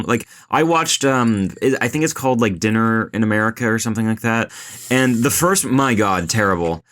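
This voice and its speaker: A man's voice: on the low side, animated, fairly quick, fairly bright tone. A man co-hosting a podcast in casual chat, blunt and profane, openly contemptuous. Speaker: podcast co-host.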